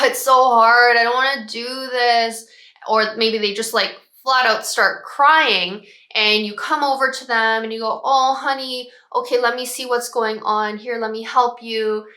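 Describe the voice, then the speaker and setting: A woman, a child behavior expert, calmly explaining parenting strategies and modeling phrases parents can use. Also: medium pitch, reverberant. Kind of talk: parenting advice talk.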